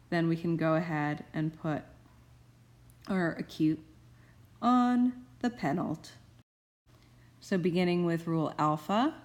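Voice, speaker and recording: A woman's voice: low voice, a little mellow. A woman professor giving a recorded grammar tutorial, explaining rules carefully with playful asides. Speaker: Greek professor.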